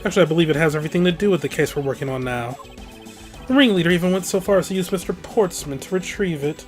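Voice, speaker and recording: Let's player doing a stern male prosecutor, put-on British accent, measured formal delivery, faint game music. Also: medium pitch, lightly acted. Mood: composed. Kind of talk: let's-play voice acting of game text.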